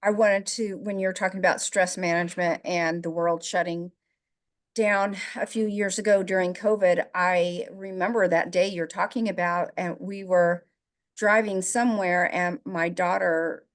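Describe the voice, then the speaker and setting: A woman's voice: fairly low pitch, steady tone, unhurried. A middle-aged woman from the American Midwest, co-hosting a casual podcast conversation, emotional and laughing easily as she talks. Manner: emotional, laughs while talking. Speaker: podcast co-host.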